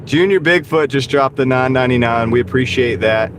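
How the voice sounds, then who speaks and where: Man host, casual in-car live stream, tired worn voice, steady mid pitch, clear road noise behind. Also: brisk. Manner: upbeat, thanks viewers by name. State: voice tired and wearing out. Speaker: livestream host. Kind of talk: casual live-stream chat while driving. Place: in a moving car. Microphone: wireless mini clip-on mic.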